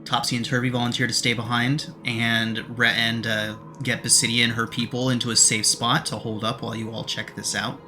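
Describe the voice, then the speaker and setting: A man running a tabletop game, narrating scenes in a measured, descriptive way. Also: mid-range voice, level tone. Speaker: game master.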